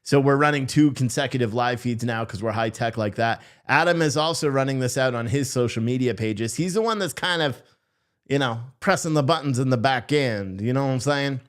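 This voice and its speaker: A man's voice: mid-range voice, fairly quick. A man hosting a live stream, chatting casually and sarcastically with his viewers and swearing freely.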